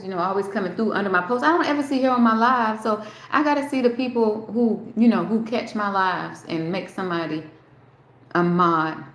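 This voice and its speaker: A woman hosting a casual live stream, rambling and talking straight to her chat, swearing freely. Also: mid-range voice. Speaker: livestream host. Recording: roomy echo.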